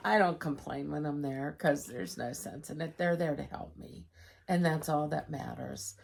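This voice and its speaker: A woman's voice: low voice, creaky, a little mellow, breathy edge. A middle-aged woman chatting candidly to camera in a home vlog, telling stories about her everyday life. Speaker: vlogger. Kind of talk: casual chat to camera.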